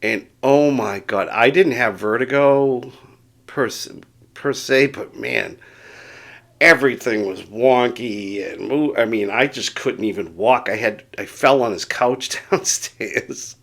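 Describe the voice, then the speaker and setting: A man's voice: medium pitch, animated, slow pace, gravelly, fairly bright tone. Rambling middle-aged man telling a story. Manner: rambling, chuckling, self-deprecating. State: recovering from dizziness. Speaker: vlogger. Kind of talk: casual storytelling vlog.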